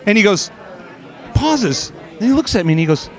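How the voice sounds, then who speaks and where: A man's voice: high-pitched, sing-song, normal speed, some chatter behind. A middle-aged man in a casual interview, telling stories with many fillers and restarts, recorded outdoors at an expo. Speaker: guest, former steeplechaser.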